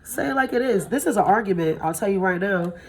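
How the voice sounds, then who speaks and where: A woman in her thirties giving a casual tarot reading, tired from little sleep, blunt and profane, her voice jumping up in pitch when she gets excited. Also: fast talker, husky. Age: 30s. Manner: blunt and profane, swears freely. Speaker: tarot reader.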